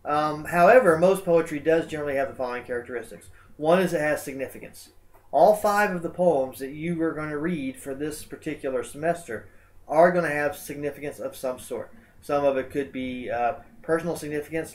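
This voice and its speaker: A man teaching a college English lecture over slides, talking in a relaxed, conversational way with frequent uh and um fillers. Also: fairly high pitch.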